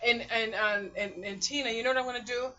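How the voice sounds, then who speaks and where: A middle-aged woman, rambling through a casual home vlog in a chatty, animated way. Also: on the high side, quick pace, muffled recording. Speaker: vlogger. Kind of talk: casual chat. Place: hot apartment room at home.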